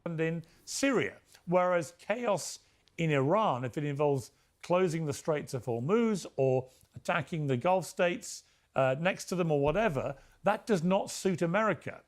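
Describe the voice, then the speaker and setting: A man giving a measured political analysis on a talk show, hypothesizing carefully about outcomes. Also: fairly high pitch, lively intonation. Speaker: political commentator.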